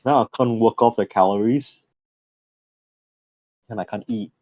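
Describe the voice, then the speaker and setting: A man's voice: fairly low pitch, unhurried, no echo, highs cut off. A man co-hosting a podcast, chatting in a crude, joking way and laughing often. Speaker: podcast co-host. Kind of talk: casual banter.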